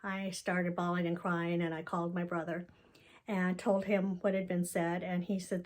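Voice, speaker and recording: A woman's voice: fairly low pitch, level tone, moderate pace. A woman giving a candid, rambling personal video update about her family, telling the story with emotion.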